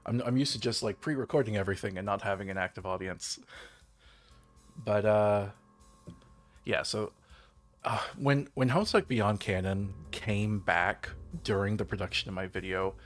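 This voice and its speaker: A man's voice: lowish voice, animated, normal speed, soft background music. A young man chatting casually on his own livestream. He rambles, chuckles often, leans on fillers and makes self-deprecating asides. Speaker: streamer hosting his own channel.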